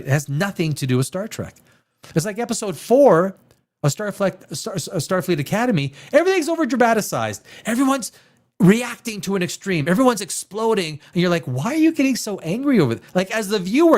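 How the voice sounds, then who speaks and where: Male host, a screenwriter, in a fired-up review rant: slightly high voice, lively pitch, halting restarts and profanity. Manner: animated, restarts often, swears, mimics dialogue. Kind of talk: ranting review chat.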